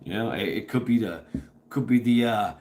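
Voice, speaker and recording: A man with a lowish, slightly mellow voice hosts a laid-back livestream chat indoors at home. He rambles, laughs regularly and swears freely, filmed by a camera set on a table.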